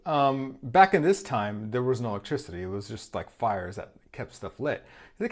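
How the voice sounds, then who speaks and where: A man's voice: medium pitch, animated, moderate pace. A man giving a casual spoken tarot reading, rambling loosely, repeating himself and swearing freely. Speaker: tarot reader.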